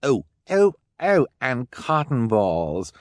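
A man's voice: medium pitch, big pitch swings, slow, no echo, voice pushed up. A man voicing a vain, fashion-obsessed rich woman in an audiobook, with a drawling, affected manner. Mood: airy, vain.

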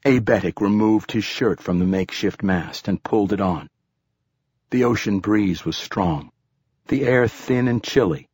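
A man narrating a first-person audiobook in a steady, even storytelling manner. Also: lowish voice, a little slow, husky, no echo.

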